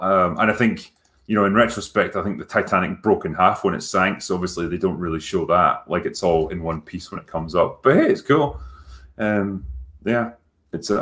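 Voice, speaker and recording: Low-voiced Scottish man chatting casually. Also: normal speed. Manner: relaxed, rambling, frequent ums, swears casually. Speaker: YouTube film critic and host. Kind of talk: casual livestream Q&A.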